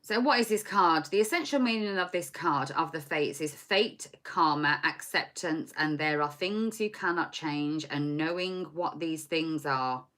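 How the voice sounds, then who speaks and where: With a deep, slightly bright voice, she speaks a little slowly yet barely pauses. She's a tarot reader in her forties giving a laid-back live reading at her home desk through a laptop or phone mic, chatty and scattered, laughing and mocking herself.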